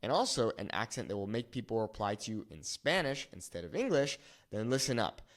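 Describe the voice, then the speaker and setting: A man teaching a lesson at a whiteboard, repeating words slowly to show how they sound. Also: lowish voice, expressive. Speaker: Spanish teacher.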